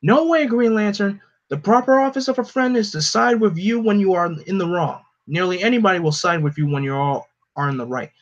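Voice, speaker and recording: An eager young speedster hero, earnest and touchy, as a man puts him on. His voice is pitched bright and high. The recording sounds dull and lo-fi. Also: fairly quick, close to an everyday voice.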